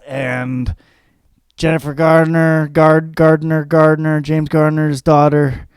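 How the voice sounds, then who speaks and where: A man's voice: fairly high pitch, level tone, slow pace, clear, resonant tone, no room sound. Profane, rambling young man ranting. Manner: profane, rambling, jumps into mocking voices. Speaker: podcast host. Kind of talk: comedic rant.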